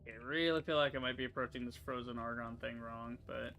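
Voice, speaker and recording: Mid-range and steady, with vocal fry and a sharp edge, a young man's voice narrates a casual let's-play stream. He's foul-mouthed and easily frustrated, grumbling to himself and cursing at the game when it annoys him.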